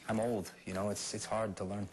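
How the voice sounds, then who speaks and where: A man being interviewed in casual chat, joking about himself and mixing halting Spanish into his English. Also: fairly low pitch, little pitch movement, a little hiss or hum, rough recording. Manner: self-deprecating, mixes broken Spanish into English. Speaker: interview guest, singer.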